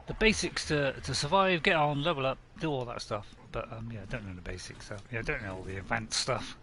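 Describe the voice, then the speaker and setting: A man's voice: mid-range voice, a little fast, a bit bright, slight background noise. A man streaming a game, chatting casually to himself and reading viewers' messages aloud. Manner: chatty, talks to himself and reads chat aloud. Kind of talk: casual live game commentary.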